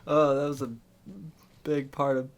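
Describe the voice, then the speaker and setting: A man's voice: medium pitch, flat delivery, a little slow. A man co-hosting a podcast in casual comedy chat, dry and laid-back with light teasing. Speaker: podcast co-host.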